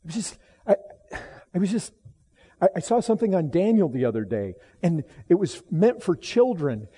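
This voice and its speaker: A middle-aged man preaching a sermon with emphatic delivery, swinging from low, solemn tones to loud exclamations and often repeating and restarting phrases. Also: sing-song, normal speed, slightly rough.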